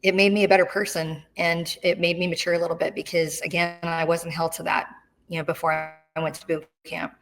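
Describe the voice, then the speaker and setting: A middle-aged woman tells a story in an interview. She talks in an animated way and acts out the voices of the people she quotes. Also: fairly low pitch, fairly quick. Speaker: interview guest, retired Marine.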